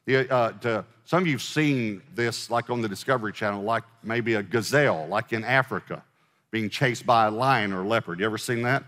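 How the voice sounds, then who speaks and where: A man's voice: fairly low pitch, a little fast, fairly bright tone. A middle-aged man preaching a sermon as pastor, in a casual conversational way, asking the congregation questions and joking with them. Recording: long hall reverb.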